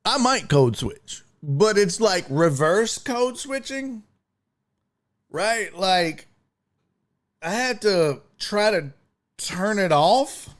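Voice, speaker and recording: Animated, profane man talking sports. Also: sits high. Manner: profane, animated, jokey, slips into mock voices. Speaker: sports talk show host. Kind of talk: casual live-stream chat, reading viewer comments.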